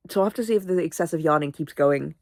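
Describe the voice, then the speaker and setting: A woman's voice: sits low, quick pace, a little mellow, no echo, studio quality. A sleepy, sniffly young woman vlogging in casual, rambling chat, swearing freely. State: sleepy, yawning; sniffly, congested.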